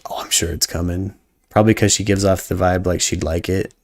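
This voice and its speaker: Low, gravelly male stream host. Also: fairly even intonation, fairly quick, a little mellow. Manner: joking, profane, hyped-up banter. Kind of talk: casual live-stream chat.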